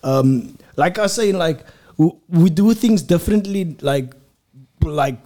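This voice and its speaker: Male podcast host, higher voice, relaxed slangy storyteller. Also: a little slow. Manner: laid-back storytelling with slang and laughter. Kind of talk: casual chat.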